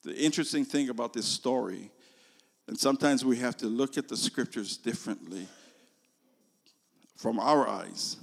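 An older man preaching a sermon, telling a story slowly and moving between loud emphasis and hushed, near-whispered lines. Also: mid-range voice, creaky. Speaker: pastor. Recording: long reverb of a large hall.

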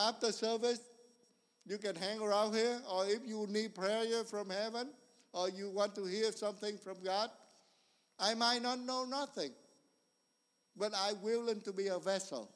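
A man preaching a sermon in earnest, repetitive, non-standard English, swinging between loud emphasis and quiet storytelling. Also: high-pitched. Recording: long reverb of a large hall.

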